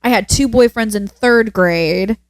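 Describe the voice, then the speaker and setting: A young woman co-hosting a podcast, telling stories in relaxed, matter-of-fact casual chat. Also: a little high, a little slow, no room sound. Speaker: podcast co-host.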